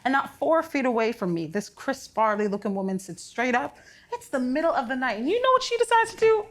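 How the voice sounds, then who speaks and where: A woman playing an older, sick father who is gruff, crude and wry, telling blunt, profane stories in a stage play. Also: high voice, very animated, a little fast. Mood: sardonic. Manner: blunt, sardonic, profane storytelling.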